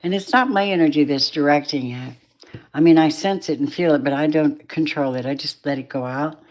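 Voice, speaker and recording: Tired, low-voiced woman reading tarot. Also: brisk, darkish tone. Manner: drowsy, affectionate, rambling. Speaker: tarot reader.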